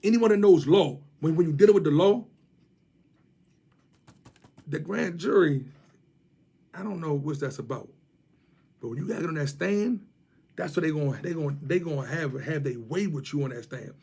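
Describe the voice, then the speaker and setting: A man's voice: fairly high pitch, animated, moderate pace, gravelly, long pauses, mellow, breathy edge. A man with a Washington DC area accent, ranting and mocking someone to camera in heavy street slang, repeating his jabs. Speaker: vlogger.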